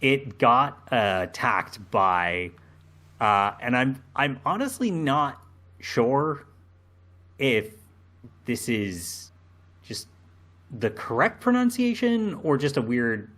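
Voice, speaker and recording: A man co-hosting a casual podcast, talking slowly and hesitantly with many ums and restarts. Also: mid-range voice, very animated, fairly bright tone. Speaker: podcast co-host.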